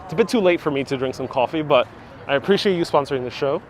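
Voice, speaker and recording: A man's voice: a little high, expressive, fast talker. Chatty man hosting a street live stream. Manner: chatty, reads out and answers viewer comments, laughs often. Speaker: live-stream walking tour host. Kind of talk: casual live-stream chat. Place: city streets outdoors. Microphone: wireless clip-on mic with phone on gimbal.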